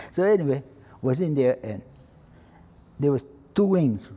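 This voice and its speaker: Husky-voiced old man with Hawaiian Pidgin lilt. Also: on the high side, expressive, a little slow, warm tone, long reverb tail. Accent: Hawaiian Pidgin-tinged English. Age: 80s. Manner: plain-spoken, acts out quoted voices. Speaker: retired fire chief. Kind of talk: oral-history storytelling.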